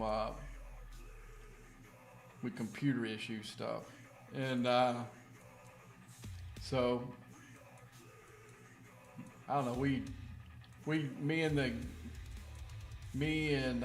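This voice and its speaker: Guy in his 50s rambling through a dating story, lots of restarts, echoey room w faint music. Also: mid-range voice. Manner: rambling, many restarts and fillers; quotes others in a raised voice. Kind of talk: casual storytelling.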